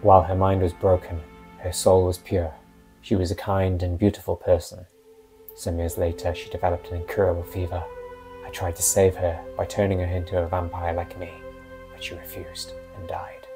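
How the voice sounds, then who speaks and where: Man doing a sad elf vampire, calm, low voice, quiet, faint music underneath. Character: calm, sorrowful good elf vampire man, centuries old. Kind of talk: reading a character monologue.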